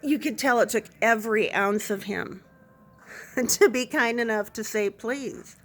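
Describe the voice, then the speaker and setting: Woman nurse telling a lively anecdote. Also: fairly high pitch, normal speed. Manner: animated anecdote, self-deprecating, laughs through it. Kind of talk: casual storytelling to camera.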